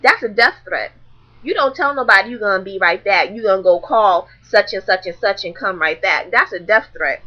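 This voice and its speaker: A young woman vlogging, telling a story to camera in a blunt, animated, profane way. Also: mid-range voice, normal speed, lo-fi sound.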